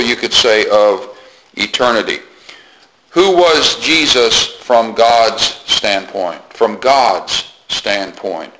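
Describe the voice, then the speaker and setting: A man preaching a sermon, teaching earnestly and deliberately, repeating phrases for emphasis with occasional fillers. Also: mid-range voice, noisy background.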